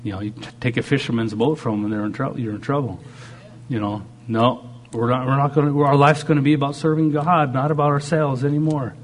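A man's voice: mid-range voice, steady tone, fairly quick. A man preaching a sermon, shifting dramatically in tone and acting out the voices he quotes. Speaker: pastor.

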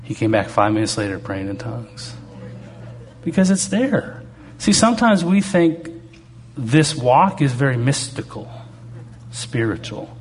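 A man's voice: mid-range voice, very animated, unhurried, slight background noise. A man preaching to a congregation, telling stories from his own life in a conversational, humorous way. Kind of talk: testimony-style sermon.

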